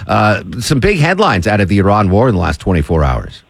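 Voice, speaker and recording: Lively chatty male radio host. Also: on the low side, brisk, vocal fry, slightly rough, no room sound. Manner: chatty, jokey, reads promos with emphasis. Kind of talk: morning talk radio chat and promos. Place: radio studio.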